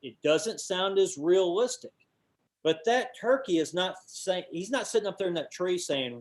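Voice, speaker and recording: An animated man with a drawl teaching a class by video, his pitch jumping around as he tells stories. He breaks into loud hoots now and then to show a sound. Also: moderate pace. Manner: animated storyteller, hoots owl calls with his voice. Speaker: guest instructor, call maker. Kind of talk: webinar teaching with storytelling.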